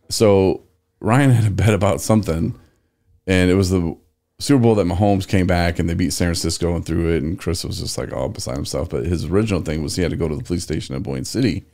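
A deep-voiced man with a gravelly, fry-heavy edge hosts a podcast in loose casual chat. He rambles through stories and slips into the voices of the people he quotes. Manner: rambling, animated retelling with acted-out quotes. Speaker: podcast host.

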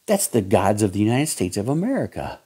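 A man's voice: lowish voice, very animated, fairly quick, warm tone, breathy edge. A man with a Southern accent preaching a fiery sermon, fervent and emphatic, hammering points through repetition. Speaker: pastor.

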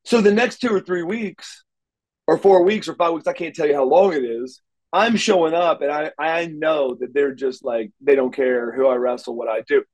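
A man telling wrestling stories in a casual interview, animated and acting out quotes, stumbling over repeated words. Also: a little high, normal speed, low-quality recording. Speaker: wrestler guest.

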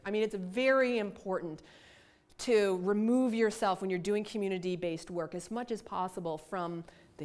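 A middle-aged woman researcher giving a lecture, telling her field story in an animated, self-deprecating way with asides. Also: mid-range voice, normal speed. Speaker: environmental researcher giving a talk. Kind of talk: lecture with a personal anecdote.

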